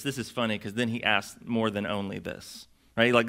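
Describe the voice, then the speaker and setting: A man's voice: lowish voice, steady tone, a little fast, few pauses, pushed and bright. A young adult man preaching a sermon as pastor, in a casual, conversational way with lots of fillers.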